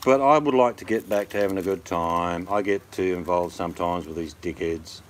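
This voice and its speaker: A man's voice: low voice, moderate pace, slight background noise. A middle-aged Australian man hosting a casual livestream chat, rambling with sardonic, jokey asides.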